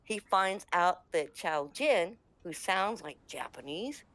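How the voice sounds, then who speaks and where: A woman's voice: fairly low pitch, expressive, slow pace, a bit bright, a little hiss or hum. A woman from the United States telling a funny gaming anecdote in casual chat, laughing often. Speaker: storyteller.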